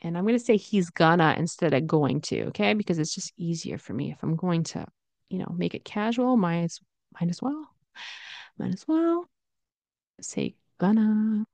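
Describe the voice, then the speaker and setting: A woman teaching English pronunciation, repeating example phrases slowly and then at natural speed. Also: on the low side, vocal fry, darkish tone, dry recording.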